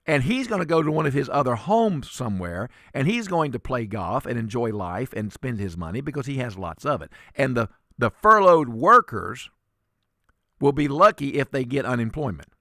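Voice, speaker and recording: A man's voice: medium pitch, sing-song, moderate pace, pushed and bright, no echo, clean studio sound. A man filling in as a talk radio host, giving emphatic, sarcastic commentary and often repeating words.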